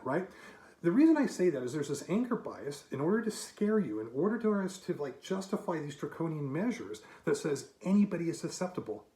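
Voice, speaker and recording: A man's voice: on the high side, a little mellow, echoey room. A man in his fifties giving an emphatic, argumentative monologue to camera with rhetorical asides. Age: 50s. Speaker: commentator.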